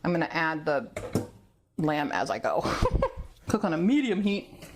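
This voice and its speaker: A woman's voice: sits low, lively intonation, unhurried. Chatty woman cooking at home. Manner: rambling, laughs often, talks to herself while cooking. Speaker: cooking video host. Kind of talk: casual chatty cooking vlog. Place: home kitchen.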